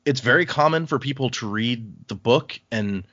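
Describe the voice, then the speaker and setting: A man's voice: medium pitch, moderate pace, no room sound. A man in his thirties talks through a novel's chapters on a podcast, laid-back and chatty, mixing plot summary with short quoted passages. His voice sits in an ordinary middle register. The sound is dry and a little dull. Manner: relaxed, recaps the plot and reads quotes aloud. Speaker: podcast host. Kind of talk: casual book-club chat.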